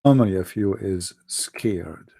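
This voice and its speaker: A man giving mocking, sarcastic livestream commentary as a religious debate streamer, dropping into dramatic hushed asides. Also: low-pitched, unhurried, gravelly.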